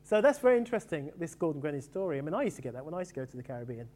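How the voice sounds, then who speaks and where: Fast-talking man reminiscing about cricket. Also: a little high. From England. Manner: animated, quick storytelling with fond asides. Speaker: author reflecting on cricket. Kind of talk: casual reminiscing talk.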